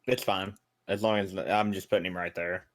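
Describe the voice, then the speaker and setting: Man, tabletop player in voice chat; lowish voice, relaxed, short answers. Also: normal speed. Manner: laid-back, short replies. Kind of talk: casual tabletop game chat.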